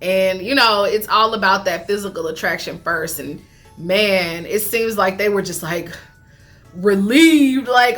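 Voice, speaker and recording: A woman chatting casually as she recaps a reality show, animated, laughing often and talking with lots of fillers. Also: mid-range voice, a little slow, faint music behind.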